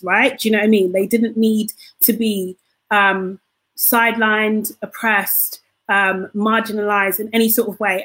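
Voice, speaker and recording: A woman's voice: medium pitch, a bit bright. A woman co-hosting a casual opinion podcast. She talks earnestly and keeps checking in with her listeners. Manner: earnest, often asks "do you know what I mean".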